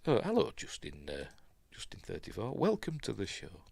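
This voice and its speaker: A man's voice: on the low side, huge pitch swings, moderate pace, creaky, a little mellow, dry recording, studio quality. An older man with a Yorkshire accent, hosting a casual news live stream, rambling and reading chat comments aloud. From Yorkshire, England.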